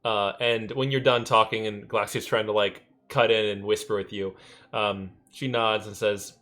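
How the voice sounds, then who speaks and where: A man's voice: lowish voice, steady tone, moderate pace, a bit bright. A man narrating a tabletop game as game master, hesitant and full of ums. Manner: hesitant, many ums and uhs.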